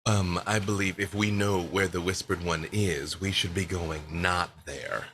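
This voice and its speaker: Man, tabletop player, very low pitch, bright tone. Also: fairly even intonation, unhurried, slight background noise. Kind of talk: playing a tabletop game in character.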